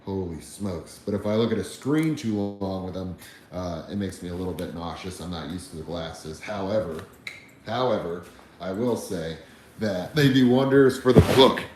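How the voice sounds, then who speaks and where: Low-voiced american guy rambling and cussing on his stream, super echoey room, bit of hiss. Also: normal speed, a little mellow. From United States. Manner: rambling, profane, laid-back. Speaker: livestream host. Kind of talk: casual livestream chat reading comments. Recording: very echoey room with faint background noise.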